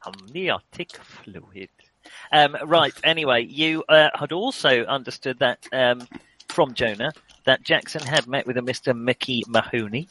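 Bright-voiced man running the game. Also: medium pitch, normal speed, poor audio. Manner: rambling, self-mocking, stumbling over names. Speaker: game master. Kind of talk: narrating a tabletop horror game.

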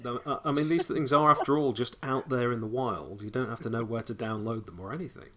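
A man's voice: medium pitch, fast, a crowd in the background. A man hosting a casual podcast chat over an online call, full of dry teasing banter. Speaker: podcast host.

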